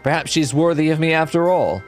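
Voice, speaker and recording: A man's voice: fairly high pitch, expressive, brisk, faint music behind, voice pushed up, natural voice. A man voicing an arrogant, vain young nobleman with a British accent, haughty and drawling.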